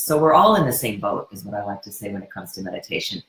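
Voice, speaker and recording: A woman's voice: very deep voice, big pitch swings, quick pace, few pauses. A woman hosting a live wellness course Q&A, talking in an earnest, encouraging way with frequent restarts. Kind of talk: live webinar Q&A. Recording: roomy echo.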